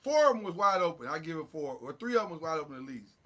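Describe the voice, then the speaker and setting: A man hosting a casual sports talk show, recapping games in an animated, joking way with sound effects. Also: on the high side, rapid-fire.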